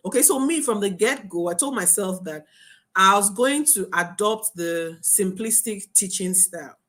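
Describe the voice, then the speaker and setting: A young adult woman teaching a marketing webinar as a coach, talking in an animated, emphatic way. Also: medium pitch, moderate pace. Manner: animated, emphatic, laughs and acts out students' voices.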